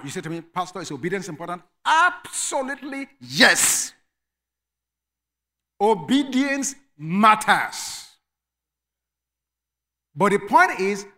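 A man preaching a sermon as pastor, emphatic, dropping to quiet asides and rising to shouted commands. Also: high voice.

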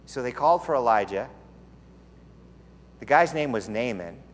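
A man's voice: mid-range voice, lively intonation, moderate pace. A man preaching a sermon in a conversational storytelling way, with playful asides. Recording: long hall reverb.

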